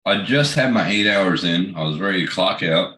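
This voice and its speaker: A man's voice: sits low, expressive, moderate pace, bright, forceful tone. A man hosting a livestream, chatting casually, swearing a lot and telling work stories loosely. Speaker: livestream host. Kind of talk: casual chat. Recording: roomy echoey sound.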